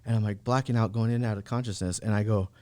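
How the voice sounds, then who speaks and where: A man's voice: fairly low pitch, fairly even intonation, very fast, dark tone. A man guesting on a podcast, telling a personal story in a casual, laid-back way, peppered with "bro" and "like". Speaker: podcast guest, real estate agent. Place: podcast studio.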